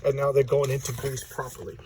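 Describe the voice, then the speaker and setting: A man's voice: mid-range voice, little pitch movement, darkish tone, a little hiss or hum, rough recording. Chatty man walking through a comic. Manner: chatty retelling, leans on "you know"; acts out characters' lines in quick voices. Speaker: comic book reviewer. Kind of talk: casual comic book walkthrough.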